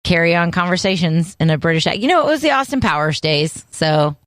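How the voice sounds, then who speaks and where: A woman co-hosting a podcast in casual chat, playful and animated, laughing often. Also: fairly low pitch, fairly quick, no room sound, studio quality. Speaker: podcast co-host.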